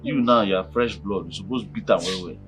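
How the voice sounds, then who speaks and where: A man's voice: low-pitched, a little fast, lightly acted. An actor with a Nigerian Pidgin accent playing a brash young man who complains and argues. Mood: mocking. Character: cocky young man arguing with his father. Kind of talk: film acting. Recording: music in background.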